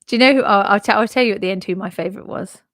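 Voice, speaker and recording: A woman's voice: mid-range voice, very fast, a bit bright, no room sound. Chatty giggly woman, very dry sound. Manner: chatty, giggly, blunt opinions. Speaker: podcast co-host. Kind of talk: casual chat.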